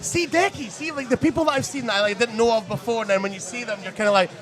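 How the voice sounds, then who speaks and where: A man hosting a casual podcast interview, excitable and rambling, swearing freely. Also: very high-pitched, fast talker, soft background music, a faint crowd. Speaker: podcast host.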